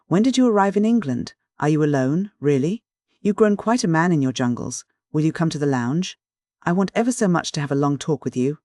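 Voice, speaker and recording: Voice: medium pitch, animated, darkish tone, no room sound, clean studio sound, natural voice. An audiobook narrator voicing a chattering, theatrical middle-aged countess who gushes with gossip. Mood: gushing. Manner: gushing, rapid, theatrical.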